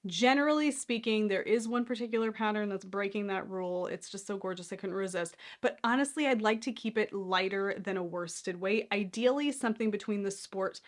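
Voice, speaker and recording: A woman's voice: mid-range voice, a little fast, few pauses. A young woman hosting a knitting podcast, chatting casually and enthusiastically about her favorite patterns, now and then poking fun at herself. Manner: chatty, enthusiastic, self-deprecating.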